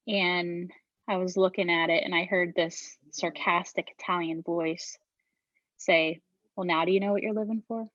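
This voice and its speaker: A woman's voice: lowish voice, a bit bright, dry recording, dull audio. A middle-aged woman telling her story as an interview guest, speaking frankly, swearing casually and often restarting her sentences. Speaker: podcast guest, beverage founder.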